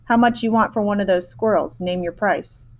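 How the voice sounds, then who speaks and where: A woman's voice: mid-range voice, moderate pace, lightly acted. Woman doing a pompous rich father. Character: self-important wealthy father.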